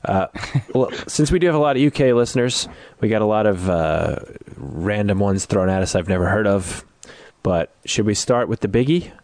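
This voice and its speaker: Low, lively-voiced male podcast host. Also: normal speed, hardly any pauses, no room sound. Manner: loose, swears casually, laughs a lot. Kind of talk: casual chat.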